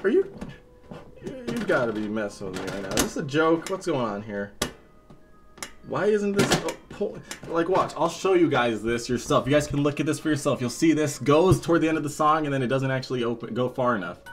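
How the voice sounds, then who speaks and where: A man's voice: medium pitch, expressive, fairly quick, noisy background. A man talking through a toy unboxing to viewers, exasperated and jumpy, breaking into laughter. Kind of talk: casual unboxing commentary.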